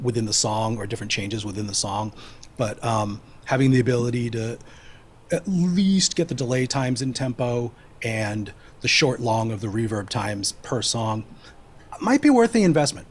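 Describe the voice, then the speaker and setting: A man's voice: mid-range voice, lively intonation, moderate pace, husky. A man explaining things casually, rambling with many restarts.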